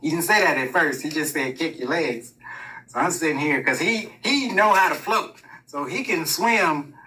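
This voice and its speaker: A man's voice: fairly high pitch, moderate pace, bright, forceful tone, distant mic, low-quality recording. Profane, rambling man telling a story. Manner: profane, rambling, laughs through his own story. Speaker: streamer telling a personal story. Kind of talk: casual storytelling monologue.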